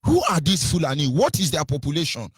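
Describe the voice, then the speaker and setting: A husky man delivers impassioned political commentary. He repeats his rhetorical questions again and again. The recording is dry and close, with no room sound. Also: a little high, big pitch swings, quick pace, dry recording. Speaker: radio commentator.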